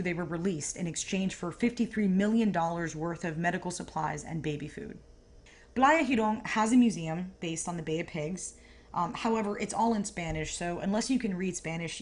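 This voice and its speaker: A woman hosting a history podcast, telling the story in a casual, conversational way with emphatic asides. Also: on the low side. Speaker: podcast host.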